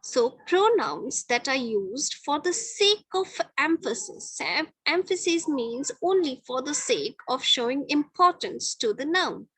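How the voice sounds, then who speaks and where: A woman's voice: high voice, big pitch swings, measured pace, hardly any pauses, fairly bright tone, dry recording, poor audio. A middle-aged woman teaching a grammar lesson to children, patiently repeating each point and checking with "okay".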